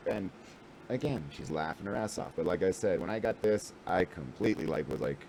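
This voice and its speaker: A man's voice: deep voice, lively intonation, fairly quick, a little mellow, slight background noise, rough recording. A man in his forties telling a rambling, self-deprecating story to camera, full of fillers and restarts. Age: 40s. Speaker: vlogger and new actor.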